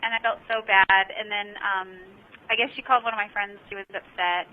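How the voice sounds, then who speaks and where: A woman's voice: medium pitch, steady tone, a little fast, narrow, tinny audio. A woman in her thirties chatting on a video call, gushing and full of filler words. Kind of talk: casual chat over a video call.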